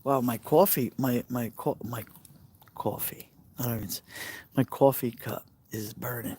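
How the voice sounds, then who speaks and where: A man from New York, speaking in a Brooklyn Italian American accent, hangs out by a nighttime fire pit on a live stream, responding out loud to viewers' messages in a relaxed way. He has a medium-pitched, warm, even voice at a moderate pace, and there's a little hiss or hum in the audio.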